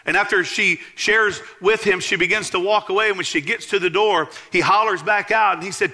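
Bright-voiced man preaching a story. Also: brisk, hardly any pauses. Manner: animated, rising to exclaim at high points. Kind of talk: sermon storytelling.

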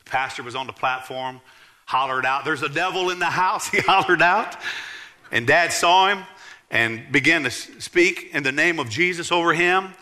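Bright-voiced pastor preaching. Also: male voice, animated, normal speed. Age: 40s. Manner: earnest preaching, rising emphatic then dropping low for storytelling. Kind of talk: sermon.

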